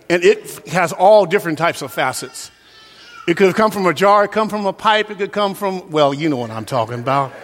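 A man preaching a sermon as a pastor in a church, swinging from loud, emphatic peaks down to soft, quiet passages. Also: fairly high pitch, brisk, long reverb tail. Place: church sanctuary.

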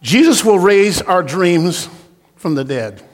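High-voiced preacher in a reverberant hall. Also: male voice, expressive, slow. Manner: storytelling, rising to impassioned shouts. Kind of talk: sermon.

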